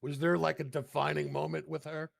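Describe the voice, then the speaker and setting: A man with a gravelly voice, pitched a little above average, hosts a casual interview and asks gentle follow-up questions. His voice is recorded close and dry. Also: level tone, brisk, no room sound. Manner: gives short encouraging responses and asks follow-up questions. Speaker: podcast host.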